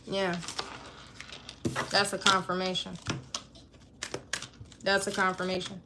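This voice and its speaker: A woman's voice: medium pitch, monotone, slow pace, heavy background noise. A woman giving a live-streamed spiritual reading, talking in an emphatic, profane, conversational way. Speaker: intuitive card reader.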